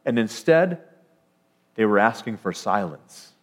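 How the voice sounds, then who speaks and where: A man's voice: on the low side, very animated, measured pace. A man preaching a sermon, emphatic, rising to declarations and often restarting his phrases.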